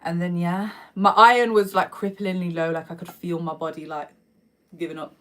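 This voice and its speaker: Chatty young woman, low-pitched. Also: steady tone, moderate pace, fairly bright tone, a little hiss or hum. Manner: chatty, slangy, answers viewer comments aloud. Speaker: livestreamer. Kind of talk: casual live-stream chat while cooking. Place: home kitchen, indoors.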